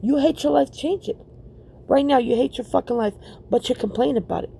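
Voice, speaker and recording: A woman's voice: high-pitched, fairly quick, gravelly, mellow, slight background noise. A woman hosting a reaction video, ranting bluntly and profanely and repeating herself for emphasis.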